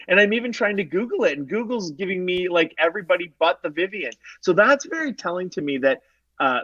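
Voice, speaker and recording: A man's voice: high-pitched, fairly bright tone, no echo. Chatty man with dull lo-fi sound. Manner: chatty, opinionated, playful asides. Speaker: guest. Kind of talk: casual podcast chat.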